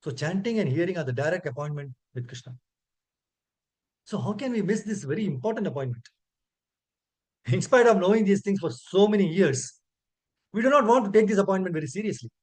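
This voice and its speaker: Male preacher, Indian English accent, pitched high, earnest teaching tone with slow chanted recitations. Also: expressive. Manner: earnest, asks listeners "correct?". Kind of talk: scripture class.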